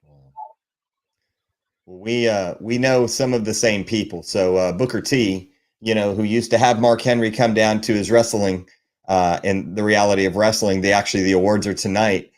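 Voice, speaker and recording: A man's voice: on the low side, steady tone, moderate pace. A man hosting a casual interview podcast, speaking in a friendly way. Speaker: podcast host.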